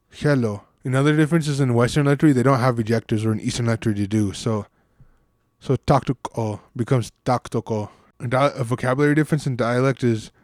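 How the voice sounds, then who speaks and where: A man's voice: medium pitch, no room sound, studio quality. A man casually explaining and comparing word pronunciations, now and then stopping to rethink as he talks. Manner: casual, thinking aloud with restarts. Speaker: language hobbyist presenter.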